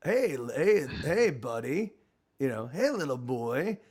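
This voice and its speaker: A man's voice: medium pitch, very animated, measured pace, darkish tone, breathy edge. A man doing a smug, menacing cleric. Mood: mocking.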